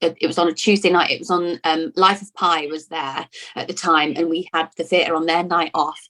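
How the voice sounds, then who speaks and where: Chatty English actress in an interview. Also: female voice, deep voice, fairly even intonation, a little fast, sharp tone. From Lincoln, England. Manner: chatty, with frequent restarts and repeated words. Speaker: actor being interviewed. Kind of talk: casual interview chat.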